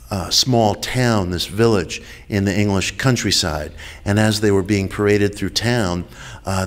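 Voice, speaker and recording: A man giving a measured public lecture over a video call, slowing down and repeating key phrases for emphasis. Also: fairly low pitch. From United States.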